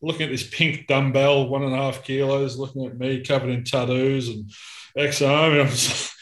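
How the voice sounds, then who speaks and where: A man, a therapist, in casual conversation, telling stories in an animated way. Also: mid-range voice, normal speed. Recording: roomy echo.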